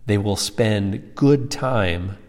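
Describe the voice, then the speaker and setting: A male pastor delivers a sermon at an unhurried, measured pace, leaning hard on key words and lifting his voice to stress them. His voice rings out with a long reverb behind it. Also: on the low side, darkish tone. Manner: emphatic, slowing and rising on key words.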